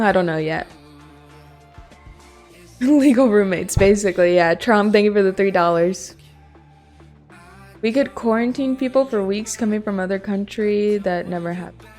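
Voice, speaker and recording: A woman's voice: mid-range voice, steady tone, normal speed, pauses often, a little mellow, soft background music. A young woman streamer telling a story in casual, chatty talk, full of "like" and other fillers, recorded in a basement. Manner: chatty, filler-heavy, lots of "like". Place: basement of a house.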